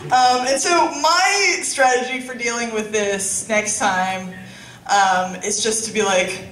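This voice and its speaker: Young woman, stand-up comic, bright forceful voice, echoey club room, faint ambience. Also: on the high side, slow pace, recorded from a distance, slight background noise. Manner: casual, profane, laughing asides. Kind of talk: stand-up comedy set.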